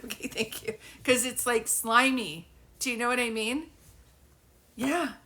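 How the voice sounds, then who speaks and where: A woman's voice: on the high side, measured pace, a bit bright. Rambling, giggly woman psychic. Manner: giggly, rambling, thinking aloud. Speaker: psychic medium. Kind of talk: live reading, casual chat.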